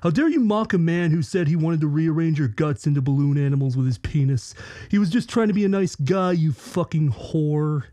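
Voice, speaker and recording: A man doing an impression of a deadpan, sardonic male internet commentator with a dry, sarcastic drawl. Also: on the high side, fairly quick, no echo, lightly acted.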